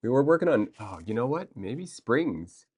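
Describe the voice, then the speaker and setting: A man livestreaming, chatting casually and excitably with viewers, rambling with restarts and answering chat. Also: mid-range voice, normal speed, husky.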